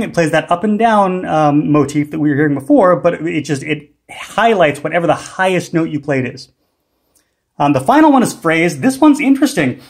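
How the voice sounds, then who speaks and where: A man's voice: on the high side, breathy edge. A man hosting a music gear tutorial, explaining casually and unhurriedly with frequent ums and restarts. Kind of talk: casual instructional demo.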